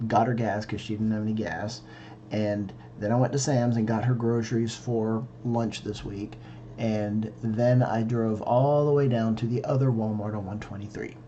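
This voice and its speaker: A man's voice: medium pitch, mellow, lo-fi sound, slight background noise. A tired man recapping his day in a casual vlog, rambling and correcting himself, talking in his home office late at night. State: tired, yawning. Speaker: vlogger.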